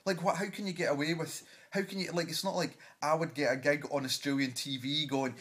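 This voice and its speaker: A man's voice: a little high, steady tone, a little fast, fairly bright tone. A man giving an exasperated comic rant, swearing and stumbling over words. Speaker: vlogger.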